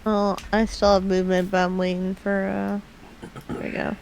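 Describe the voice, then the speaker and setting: A woman playing in a tabletop game session, slowly counting out her moves. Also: medium pitch, completely flat delivery, gravelly, darkish tone, slight background noise, poor audio. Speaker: player.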